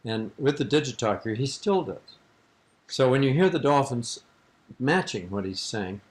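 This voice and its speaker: With an expressive, mid-range voice at normal speed, an older man recounts a long, rambling anecdote while being interviewed. The archival tape catches his amused tone and his bursts of laughter.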